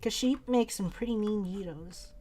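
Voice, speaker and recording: A woman's voice: mid-range voice, normal speed, warm tone, soft background music. A young woman streaming from home, chatting casually and rambling as she draws, often laughing and repeating words. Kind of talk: casual chat while drawing on stream.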